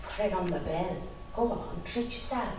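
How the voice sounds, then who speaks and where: Recorded on a distant mic in an echoey room with a noisy background, a young woman from the South Wales valleys delivers a bawdy, teasing dramatic monologue full of laughter. She speaks at a moderate pace in a lowish voice close to her everyday one.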